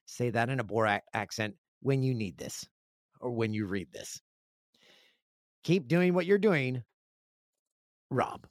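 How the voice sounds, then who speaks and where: A middle-aged man hosting a podcast solo, his pitch swinging freely as he jokes his way through listener letters. The sound is close and dry, with almost no room around his voice. His storytelling is animated and self-deprecating. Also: slow, long pauses, no echo. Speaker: podcast host. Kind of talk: casual podcast monologue, reading listener mail.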